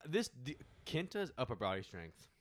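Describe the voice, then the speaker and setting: A man's voice: medium pitch, moderate pace, dry recording. A middle-aged man chatting casually about a film with friends, acting out scenes and laughing often. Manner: animated, acts out scenes with laughs. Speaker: podcast co-host. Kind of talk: casual movie review chat.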